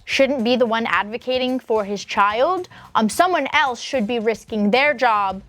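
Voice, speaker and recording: A young woman hosting a storytime channel, reacting sarcastically to submissions and reading them aloud in a casual, emphatic way. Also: a little high. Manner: emphatic and sarcastic, with drawn-out pauses. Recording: soft background music.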